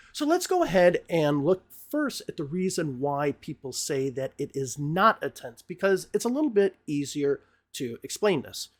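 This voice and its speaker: A middle-aged man teaching an English grammar lesson, explaining patiently step by step with examples. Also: on the high side.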